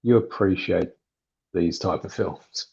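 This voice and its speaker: A man's voice: deep voice, slow pace, vocal fry, a little mellow, breathy edge, dull audio. A man hosting a casual movie watchalong, easygoing as he leads the stream and talks to the chat. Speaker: channel host.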